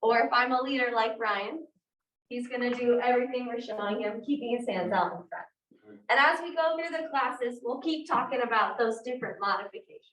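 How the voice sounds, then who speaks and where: A woman teaching a live dance class, explaining steps in an upbeat, clear way. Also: on the high side, brisk, a bit bright. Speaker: dance instructor. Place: dance studio. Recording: roomy, distant sound.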